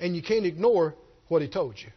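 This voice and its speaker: A man's voice: on the high side, animated, brisk, breathy edge. A middle-aged man preaching a sermon, telling a story and rising to stress his key points. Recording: dull lo-fi sermon recording.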